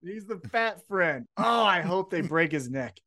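A man's voice: high voice, unhurried, dry recording, studio quality. A man co-hosting a wrestling podcast, recapping a show in casual chat, joking and swearing freely. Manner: profane, joking, animated storyteller. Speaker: podcast co-host.

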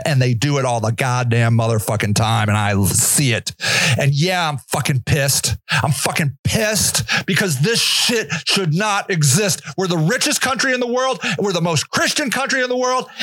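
A man hosting a podcast, delivering an angry, profane monologue rant, often shouting. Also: a little high, no room sound, clean studio sound. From Northeast Ohio. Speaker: podcast host.

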